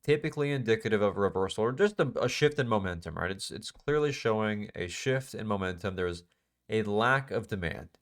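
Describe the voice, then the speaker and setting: A man's voice: lowish voice, animated, brisk. Casual emphatic male trading teacher. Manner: casual, emphatic, repeats phrases, asks questions. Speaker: trading instructor. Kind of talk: live class walkthrough.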